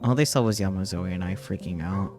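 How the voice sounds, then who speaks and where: A man's voice: deep voice, fast. A male streamer reading game dialogue aloud in English over the game, with joking asides. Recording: game music behind the voice.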